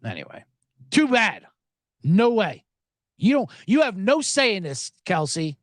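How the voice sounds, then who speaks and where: A man's voice: high-pitched, sing-song, takes it slowly, no room sound. Sarcastic, profane sports podcast host, man. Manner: profane, sarcastic, shouting mock voices.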